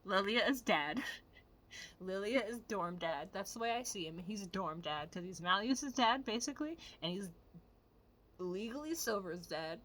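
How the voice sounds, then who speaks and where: A woman vlogger giving animated, profane, casual commentary straight to her viewers. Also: medium pitch, a little slow.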